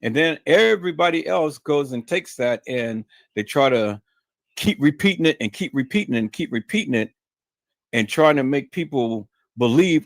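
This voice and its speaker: A man hosting a live stream, talking to his audience and repeating himself, sometimes dropping low and sometimes raising his voice high for emphasis. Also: lively intonation, normal speed, vocal fry, no echo, studio quality. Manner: shifts from low muttering to high shouted emphasis; repetitive, addresses audience as "peoples". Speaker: YouTube live stream host. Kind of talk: livestream monologue.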